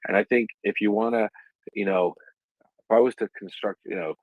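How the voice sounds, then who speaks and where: A man's voice: lowish voice, steady tone, moderate pace, no echo. A man speaking in an impassioned, heated way on a live audio chat, rambling with many fillers and restarts. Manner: heated and indignant. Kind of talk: impassioned advocacy talk. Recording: dull lo-fi online audio stream.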